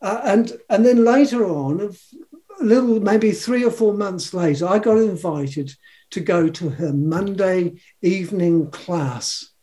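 A man's voice: high voice, takes it slowly, warm tone. A New man in his seventies telling a personal story in a rambling, chuckling way, acting out the quotes. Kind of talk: casual storytelling.

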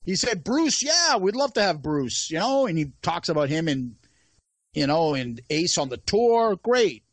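A man's voice: sits high, fairly bright tone, no echo. Male podcast co-host, exasperated ranter, heavy swearing, dry close sound. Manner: ranting, swears a lot, exasperated. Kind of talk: casual chat.

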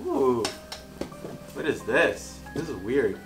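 A young adult man hosting a casual unboxing vlog, excitable, reacting loudly and swearing. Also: medium pitch, slow, over music. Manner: excitable, swears and yelps when hurt. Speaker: YouTube host.

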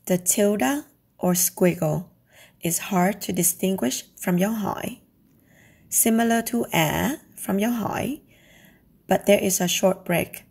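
Slow, gravelly-voiced woman teacher. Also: medium pitch, a little mellow. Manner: deliberate, demonstrating tones one syllable at a time. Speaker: language teacher. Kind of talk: scripted lesson narration.

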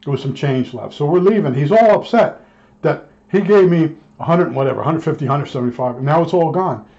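A man's voice: fairly high pitch, animated, fairly quick, creaky, warm tone. A man, an electronics technician telling a long rambling story in a casual way. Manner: rambling, acts out both sides of old arguments. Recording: dull lo-fi recording.

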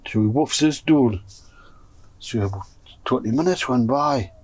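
A man with a Geordie accent telling a rude, animated story to friends in a pigeon loft, swearing freely and acting out what everyone said. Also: medium pitch, unhurried, a little hiss or hum. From North East England. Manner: profane, animated, acts out dialogue. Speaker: pigeon fancier. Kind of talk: casual storytelling among friends. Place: pigeon loft shed, indoors.

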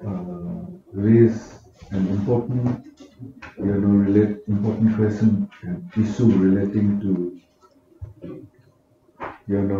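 Slow-spoken man chairing a seminar. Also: on the low side, mellow, a little hiss or hum. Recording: very echoey room, dull lo-fi sound.

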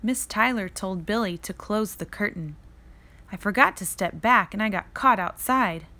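A woman reading a children's picture book aloud in a slow, expressive read-aloud manner. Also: medium pitch. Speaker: reader.

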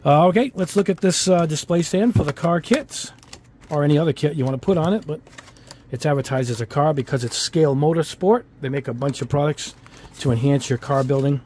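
A man's voice: on the high side, a little fast, a little mellow, slight background noise. A man with a New England accent tinged with Italian-American speech, giving a rambling, casual product review at his hobby bench. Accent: New England with Italian-American touches. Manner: rambling, filler-heavy, chatty asides. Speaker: hobby model-kit YouTuber.

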